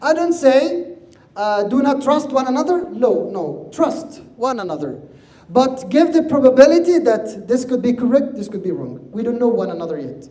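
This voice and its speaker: A man's voice: very high voice, sing-song, moderate pace, dark tone. Earnest man lecturing in an echoey room. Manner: earnest, repeats key words, addresses audience as guys. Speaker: imam giving a lecture.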